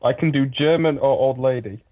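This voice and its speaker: A man's voice: medium pitch, moderate pace. A man chatting casually while playing a game with a friend, hesitant and chuckling often. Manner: relaxed, hesitant, chuckles a lot. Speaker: gamer. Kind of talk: casual let's play chat. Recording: tinny phone-like line.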